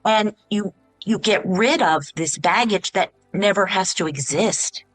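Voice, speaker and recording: A woman's voice: mid-range voice, a little slow, no echo, faint music behind. Chatty woman hosting a podcast. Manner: enthusiastic, chatty. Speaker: podcast host. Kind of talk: conversational podcast interview.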